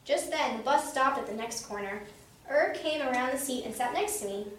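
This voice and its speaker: Animated woman reading a kids' book, high and lively, roomy far-off sound with faint hum. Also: moderate pace. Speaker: storybook reader. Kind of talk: children's book read-aloud.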